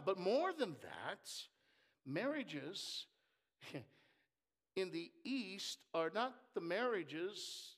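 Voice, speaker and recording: Male preacher, high voice, animated sermon with loud peaks and quiet asides, jokes with the crowd. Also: very slow. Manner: animated, swings between loud emphasis and soft asides; jokes with the congregation.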